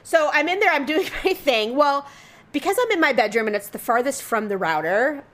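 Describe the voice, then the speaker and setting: A woman with a high, bright voice tells a story in a casual chat. She is animated, laughs often, and loudly acts out what people said. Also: brisk.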